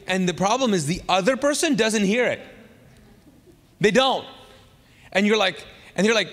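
A man preaching a sermon as pastor, lively and chatty, acting out funny stories with sudden loud bursts. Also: high voice, normal speed, long pauses, big-room sound. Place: church sanctuary.

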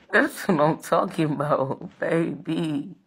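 A woman's voice: low-pitched, drawn-out words, creaky, a bit bright, husky. A woman ranting on a live stream, brash and profane, taunting viewers and ordering her moderators around on a phone mic.

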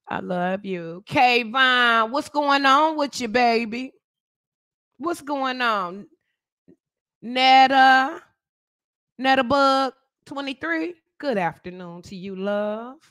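Brief: woman host, higher voice, unhurried, casual slang-heavy livestream banter. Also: a bit bright. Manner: greets viewers by name, trash-talking. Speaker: podcast host.

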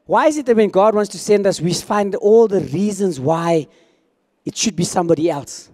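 A man's voice: sits high, lively intonation, moderate pace, a little mellow, in a large hall. A man preaching a sermon as pastor, talking conversationally and acting out quoted dialogue.

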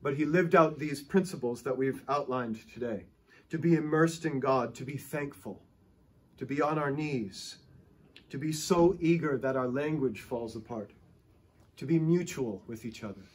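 Husky guy preaching, mid pitch, big ups and downs when he tells a story. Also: normal speed, darkish tone. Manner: emphatic storytelling, voice rising and falling. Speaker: pastor. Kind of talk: sermon.

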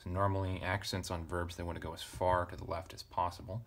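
A man teaching ancient Greek grammar at a relaxed pace, thinking aloud and correcting himself with casual asides. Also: low-pitched, quick pace, vocal fry. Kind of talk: relaxed verse-by-verse parsing lesson.

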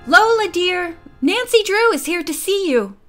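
A woman voicing a weary, fretful older mother in an audiobook mystery, speaking in a gentle, coaxing tone. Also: high voice, very animated, unhurried, soft background music, exaggerated voice.

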